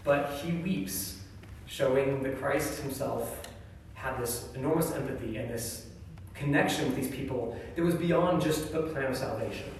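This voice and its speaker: A man's voice: mid-range voice, a little slow, far from the mic, slight background noise. Man speaking in an echoey hall. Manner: casual and reflective, often asks "right?". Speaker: church speaker. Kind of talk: conversational scripture talk.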